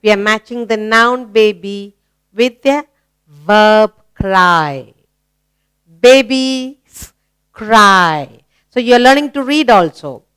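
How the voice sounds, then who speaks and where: Leading a children's English lesson, this Indian English-accented woman poses easy questions and warmly praises the answers. She speaks slowly in an encouraging sing-song, her medium-pitched voice expressive, clean and a little bright.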